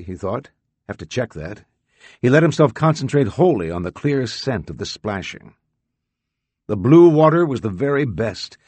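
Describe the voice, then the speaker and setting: A man reading fiction aloud as an audiobook narrator, with expressive, dramatic delivery. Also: on the low side, slightly rough, no room sound. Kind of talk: scripted narration.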